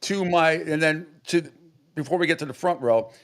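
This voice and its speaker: This is a middle-aged man from New England, a sports radio host, with a fairly high voice at normal speed. He rambles through a casual story, frequently restarting and acting out what people said.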